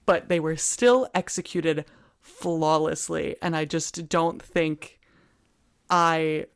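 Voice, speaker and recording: An American woman co-hosting a history podcast, talking quickly and playfully in casual chat. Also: sits low, smooth. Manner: quick, playful, self-mocking. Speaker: podcast co-host.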